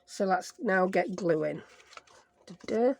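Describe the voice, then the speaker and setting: A woman's voice: medium pitch, animated, slow pace, gravelly, a little mellow, slight background noise. A woman with a Sheffield accent chatting her way through a craft project, rambling and joking at herself with playful made-up words. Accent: Sheffield English. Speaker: craft vlogger. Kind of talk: chatty craft-along narration.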